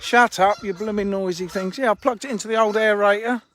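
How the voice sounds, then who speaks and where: A man's voice: high-pitched, steady tone, a little fast, a bit bright. A man hosting a casual live stream outdoors by fishing lakes, joking and teasing his viewers and friends.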